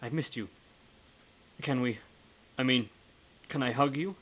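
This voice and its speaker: A man's voice: medium pitch, a little slow, a bit bright. Male reader voicing a worn-down blind man, self-doubting, in a horror novel reading. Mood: stunned.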